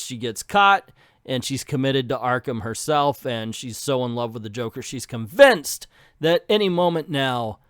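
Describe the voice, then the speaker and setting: A man's voice: mid-range voice, fairly bright tone, dry recording, studio quality. A man hosting a casual comic book review, talking in a chatty, enthusiastic way with asides.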